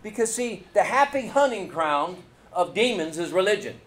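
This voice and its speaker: A middle-aged pastor with a Kentucky accent tells a story in a folksy, animated sermon, calling out to his congregation. His voice sits high and his pace is moderate.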